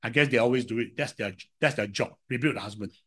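A man's voice: medium pitch, fast talker, slightly rough. An older man from Singapore with a Singaporean English accent, preaching a sermon and telling stories from his own life with rhetorical questions to the listeners. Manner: animated storytelling with rhetorical questions to the audience.

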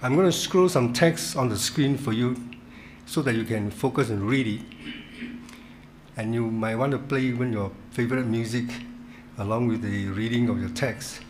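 A man leading a Bible study in a church, teaching in a halting way, repeating words and stressing key words. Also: mid-range voice, noisy background.

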